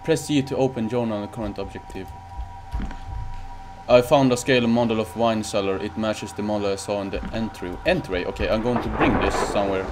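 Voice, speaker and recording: A man's voice: fairly low pitch, fairly even intonation, a little fast. A young man giving nervous, swear-heavy commentary as he plays a game and reads its prompts aloud. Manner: jittery, swears a lot, reads on-screen text aloud. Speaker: gaming channel host. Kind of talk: let's play commentary. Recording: loud game music behind.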